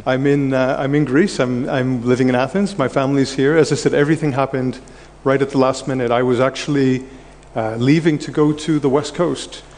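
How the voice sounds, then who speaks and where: A man speaking on stage as a conference guest, nervous, restarting his sentences and filling pauses with "um". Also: mid-range voice, steady tone, darkish tone. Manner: halting, repeats words, many fillers. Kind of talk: on-stage conversation. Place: large conference hall. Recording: hall reverb, faint background noise.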